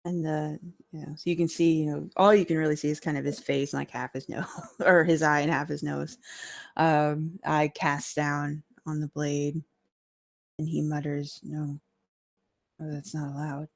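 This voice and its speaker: A woman running a tabletop game as dungeon master, narrating in a relaxed, meandering way and laughing often. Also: deep voice, moderate pace, creaky.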